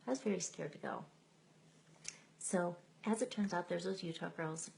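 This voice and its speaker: A woman's voice: lowish voice, moderate pace, vocal fry, darkish tone, slight background noise, poor audio. A middle-aged woman giving a candid, emotional personal testimony live on a stream, laughing at herself as she tells it. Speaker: speaker sharing her testimony. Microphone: phone or computer mic on a live stream.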